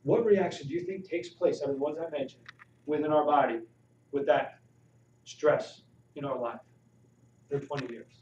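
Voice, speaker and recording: A man giving a live health talk to an audience, asking them questions with animated emphasis. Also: fairly high pitch, moderate pace, long pauses. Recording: roomy, distant, dull audio with faint noise.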